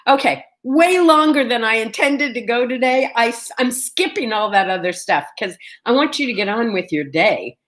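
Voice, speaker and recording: Middle-aged woman hosting a morning vlog, chatty and animated, pitched a bit high. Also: moderate pace, few pauses. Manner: chatty, animated, talks straight to viewers. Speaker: vlog host. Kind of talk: casual storytelling chat.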